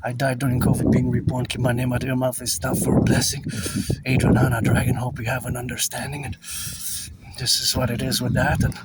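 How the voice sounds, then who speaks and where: A man's voice: medium pitch, completely flat delivery, brisk. Rambling man, distant, noisy street. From Quebec, Canada. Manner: repetitive, drifting, mutters asides under his breath. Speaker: vlogger. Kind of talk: rambling walking monologue. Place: outdoors on city streets.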